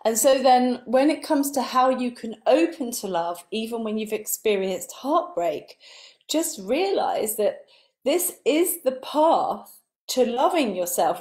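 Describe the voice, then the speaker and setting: A woman spiritual coach giving a live motivational talk, earnest, building her points in repeated lists and letting her voice sink soft and breathy on key words. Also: a little high, very animated, takes it slowly.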